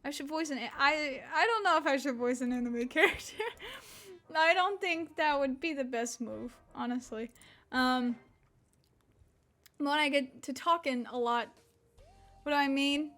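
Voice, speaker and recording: Young woman, about 20, from Mississippi, high-pitched, odd relaxed-jaw accent, chatty rambling streamer. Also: measured pace, pauses often, faint music behind. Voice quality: unusual slack-jawed accent. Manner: rambling, swears, laughs often. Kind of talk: casual stream chat.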